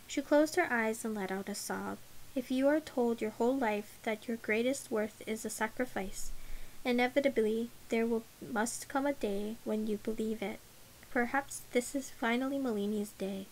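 A woman reading an audiobook in a measured, unhurried way. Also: a little high, a little hiss or hum, low-quality recording. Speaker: audiobook narrator. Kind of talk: audiobook narration.

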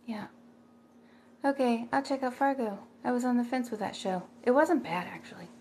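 A woman's voice: fairly high pitch, moderate pace, a little mellow, a little hiss or hum. A middle-aged woman chatting casually on a livestream, rambling and thanking viewers by name as she reads their comments.

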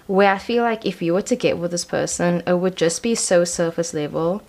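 A woman's voice: on the low side, normal speed, darkish tone. A young woman giving a casual tarot card reading, talking in a chatty, slangy way full of "like" and "I feel like". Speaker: tarot reader.

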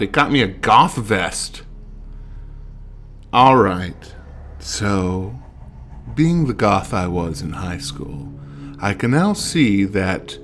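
A man with a fairly low but bright, forceful voice talks through a video game he is playing, cracking wry jokes as he goes. Game music is faintly audible behind him. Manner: wry, joking running commentary. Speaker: let's play gamer. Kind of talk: casual gameplay commentary.

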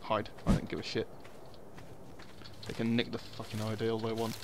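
A man's voice: on the low side, completely flat delivery, normal speed, heavy background noise. A young man giving casual, sweary commentary over a survival game, muttering asides to himself. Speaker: gaming video host.

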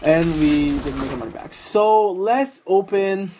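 Young man, gaming commentary, excitable, swears a lot, hype and groans, desktop mic. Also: high-pitched, a little slow, slight background noise. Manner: excitable, profane, swings between hype and groaning despair. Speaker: gaming channel host. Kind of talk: live commentary while opening game cases.

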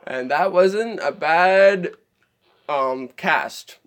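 A man's voice: sits high, extremely slow, fairly bright tone. A man streaming live gameplay commentary, chatty and easily exasperated, laughing often at what happens on screen.

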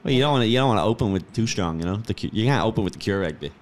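Low-voiced man, joking guest. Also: lively intonation, rapid-fire, a little hiss or hum. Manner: joking, riffing. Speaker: comedian guest. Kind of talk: casual comedic chat.

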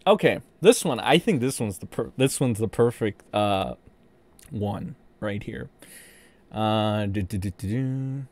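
A man hosting a casual livestream, rambling and profane, in animated commentary. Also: fairly low pitch, measured pace. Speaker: streamer host.

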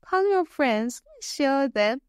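A woman's voice: sits high, lively intonation, slow, a little mellow, no echo, clean studio sound. A woman reading the lines of a cheerful young man in a storybook, barely changing her voice. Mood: eager.

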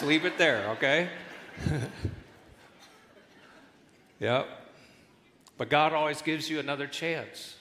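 A male guest pastor preaching a sermon with animated delivery and jokes, in a large church hall. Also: on the high side, measured pace, slight background noise. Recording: echoey church hall with long reverb.

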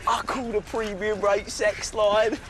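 In noisy sketch show audio, an actor with a high-pitched, level voice plays a brash young lad who has just become a dad. At a measured pace he brags boastfully and laughs at his own jokes.

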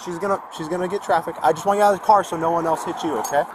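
A man's voice: a little high, fairly even intonation, very fast. A male police officer at a crash scene giving urgent, repeated commands and radio calls. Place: roadside outdoors by traffic. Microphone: body camera. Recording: bodycam with loud traffic noise.

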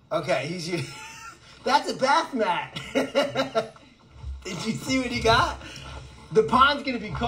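Outdoors in a casual fundraising vlog, a man who runs an animal sanctuary chats excitedly, rambling and laughing a lot. His voice is high-pitched and the audio is poor.

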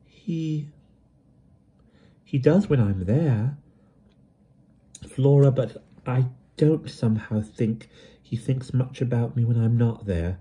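A man's voice: mid-range voice, slow pace, long pauses, mellow, slightly rough, pitched above the performer's own voice. Man putting on a shy stammering young woman. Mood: timid. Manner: hesitant, stammering.

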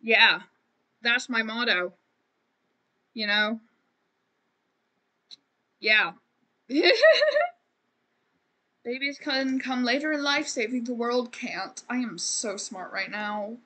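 A woman's voice: a little high, slow pace, pauses often, bright, forceful tone. A woman streamer giving casual, chatty, self-deprecating commentary while she plays a life-sim game. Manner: chatty, self-deprecating, says "man" and "frickin'" a lot.

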